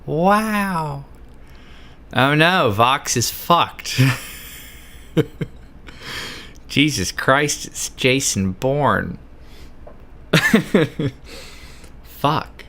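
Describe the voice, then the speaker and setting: A man's voice: a little high, expressive, very slow, pauses often, pushed and bright. A drunk Australian man livestreaming a game, chatting in a rambling, sweary, giggly way. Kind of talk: casual chat while gaming.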